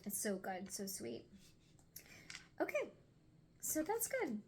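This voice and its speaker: A woman's voice: a little high, huge pitch swings, slow, vocal fry, a little hiss or hum. Chatty young woman reading tarot cards. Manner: chatty and unpolished, stumbles over words, drops into whispers. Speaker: tarot card reader. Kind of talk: casual card reading vlog.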